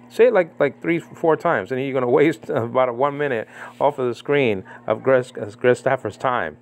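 A man giving casual spoken commentary on a religious debate, animated and mocking, with many fillers and repeated phrases. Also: a little high, fairly quick. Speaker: Bible commentator. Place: living in the Philippines.

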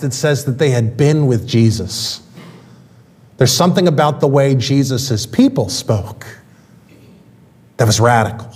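Pastor guy preaching, chatty and animated, voice jumps all over the place. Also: a little high. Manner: animated, conversational preaching with quick asides. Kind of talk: sermon. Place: church sanctuary.

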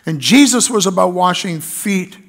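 A man's voice: high voice, animated, normal speed. A man preaching a sermon in church, reading scripture aloud and building emphasis on key lines. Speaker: pastor.

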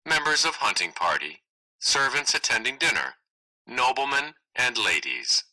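A man's voice: medium pitch, big pitch swings, measured pace, pushed and bright, rough recording. A man reading a class play aloud, calling out each cast name and stage direction in turn. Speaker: reader.

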